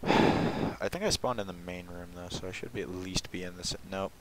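A man's voice: low voice, moderate pace, slight background noise, poor audio. A young man giving casual, sarcastic commentary while playing a shooter game, often exasperated and mocking himself. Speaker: gaming commentator.

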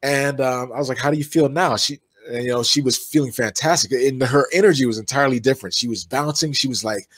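A man who works as an energy healer, telling long stories in a relaxed interview with many fillers and restarts. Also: mid-range voice, fast, few pauses, dry recording.

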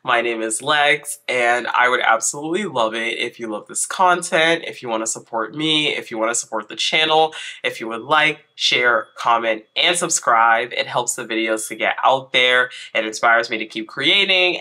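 Stuffy-voiced man chatting brightly. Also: medium pitch, normal speed, few pauses. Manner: chatty and animated. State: stuffy from a cold. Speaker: YouTube host. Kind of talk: casual recap vlog.

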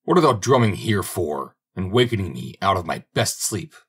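A huge, gruff forest giant, read by a man in a low, husky voice. He blusters in old-fashioned speech, a storybook monster voiced with only a light touch. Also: very animated, normal speed, heavily acted. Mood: blustering. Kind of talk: audiobook character reading.

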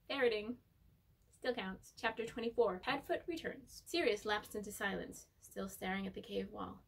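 A woman's voice: mid-range voice, moderate pace, a bit bright, slightly rough, recorded from a distance, poor audio. A young woman reading book passages aloud at home, breaking off for playful, chatty asides. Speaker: pet vlogger reading aloud. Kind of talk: casual chat and book reading. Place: home room with pets.

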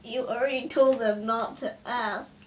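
A woman's voice: on the high side, fairly even intonation, unhurried, a little hiss or hum. A female friend joining a casual vlog in a playful, teasing way. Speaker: vlogger's friend.

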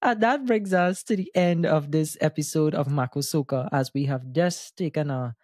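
Animated male podcast host. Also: on the high side, normal speed, no echo, clean studio sound. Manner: animated, enthusiastic explainer who breaks into sung bits. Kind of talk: casual music discussion.

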